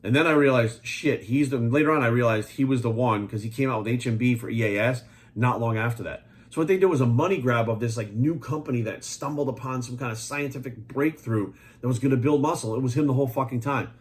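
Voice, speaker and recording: A man in his forties, a fitness coach, ranting bluntly and profanely to his viewers. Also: medium pitch. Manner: rapid, pushy, talks straight at viewers. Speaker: fitness coach and supplement maker. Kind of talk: ranting monologue to camera.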